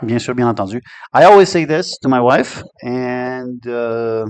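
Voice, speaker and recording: A man's voice: mid-range voice, a little slow, smooth, no echo. A man with a Quebec French accent, teaching French expressions in a casual, joking way and laughing often. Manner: chatty and joking, laughs often, switches between English and French. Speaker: language teacher. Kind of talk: casual online language lesson.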